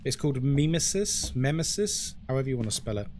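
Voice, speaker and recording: Animated, chatty male game streamer. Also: medium pitch, a little fast, noisy background. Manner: chatty, ranting, swears and laughs often. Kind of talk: casual live-stream commentary.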